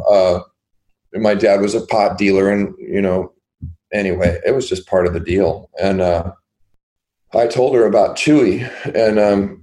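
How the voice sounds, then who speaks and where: An older man, an interview guest, telling his life story in a halting, rambling way with many fillers and restarts. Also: low voice, mellow, poor audio.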